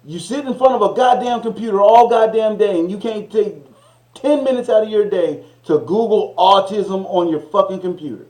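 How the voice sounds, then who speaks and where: A man's voice: high voice, normal speed, darkish tone, roomy sound, rough recording. A man hosting a reaction livestream, lecturing and swearing. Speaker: stream host.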